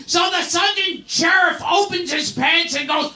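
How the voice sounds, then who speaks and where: A comedian with a piercing, extremely high voice shouts crude jokes at a roast. The sound comes from far off in an echoing venue. A noisy crowd hums underneath. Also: a little slow, hardly any pauses. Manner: screeching, yelling punchlines, acting out characters. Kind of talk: shouted stand-up joke telling. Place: roast event stage. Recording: distant roomy live venue with crowd noise.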